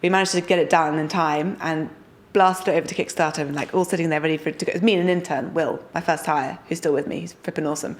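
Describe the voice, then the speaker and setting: A young woman from the United Kingdom, a startup founder talking enthusiastically as an interview guest. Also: sits low. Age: young adult. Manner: energetic, enthusiastic, quick asides. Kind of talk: casual interview talk.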